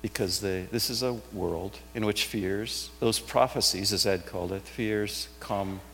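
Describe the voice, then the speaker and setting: A man delivers a sermon in a relaxed, conversational way, often dropping to a gentle, reassuring repetition. His voice carries a long reverb from a large hall, with a faint hum underneath. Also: lowish voice, a little slow, creaky. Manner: conversational, reflective, with soft emphatic repetitions. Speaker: preacher.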